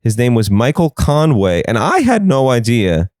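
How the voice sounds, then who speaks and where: A man's voice: medium pitch, big pitch swings, normal speed, darkish tone, no room sound, clean studio sound. A young man hosting a comedy podcast, riffing sarcastically on the news and slipping into silly voices.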